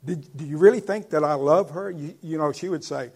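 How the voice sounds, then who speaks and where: A man preaching a sermon in an earnest, conversational way, with sudden loud stresses on key words. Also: fairly high pitch, a little fast, breathy edge. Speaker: pastor.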